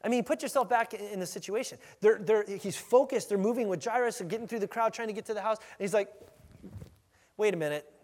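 A man with a high voice gives a sermon in a casual, conversational way. He acts out the scene with lively energy as he teaches. His voice carries a long reverb from a large hall. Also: fast talker, hardly any pauses. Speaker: pastor. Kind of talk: expository sermon.

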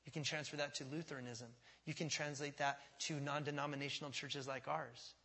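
A male pastor preaching a sermon in a church, emphatic and repetitive, swinging from quiet to loud. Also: fairly high pitch, steady tone, fairly quick, creaky, husky. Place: church sanctuary. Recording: long church reverb.

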